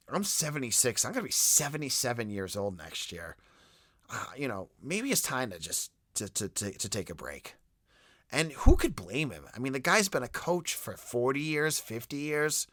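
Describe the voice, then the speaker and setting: A man hosting a solo sports podcast, talking in an animated, rambling way with frequent restarts. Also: mid-range voice, no room sound, clean studio sound. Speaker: podcast host.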